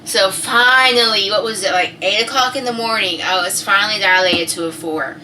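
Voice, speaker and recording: Chatty woman, bright voice. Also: mid-range voice, moderate pace, distant mic, a little hiss or hum, rough recording. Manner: chatty, swears freely, acts out quotes loudly. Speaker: vlogger. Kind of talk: casual storytelling to camera.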